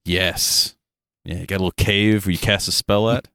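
A man co-hosting a casual tabletop gaming podcast, rambling and joking with quick asides. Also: sits low, steady tone, bright, forceful tone, clean tone, no echo, studio quality. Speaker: podcast co-host.

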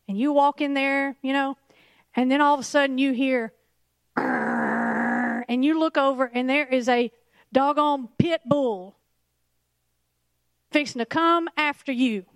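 A woman preaching a lively sermon, laughing and acting out little scenes as she talks. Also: high-pitched, no echo.

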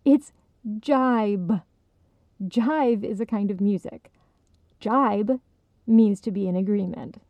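A woman's voice: mid-range voice, slow, long pauses, no room sound, highs cut off. Woman voicing a patient, teasing young woman. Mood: correcting. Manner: gently correcting, amused.

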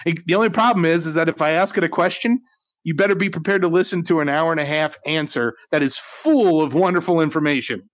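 A man's voice: on the high side, fast, dry recording. A man co-hosting a live tech news stream, chatty and upbeat with joking asides. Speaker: co-host of a VR news livestream. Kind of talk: casual livestream chat.

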